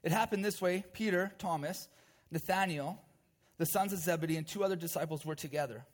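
A man's voice: on the high side, brisk. A male pastor preaching a sermon, retelling a scripture story vividly with casual asides to the congregation.

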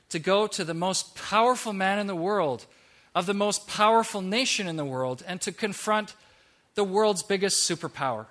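A man preaching a sermon in a church, animated and humorous, who slips into playful mock voices to make his point. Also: sits high. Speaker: pastor.

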